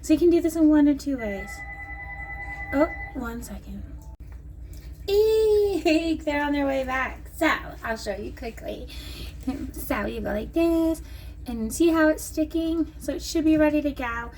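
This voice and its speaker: A woman's voice: sits high, normal speed, dark tone, soft background music. Chatty woman vlogging from a distance. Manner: chatty, rambling, jokey. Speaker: vlogger selling nail strips. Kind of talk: casual chat to camera. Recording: distant mic with clear background noise.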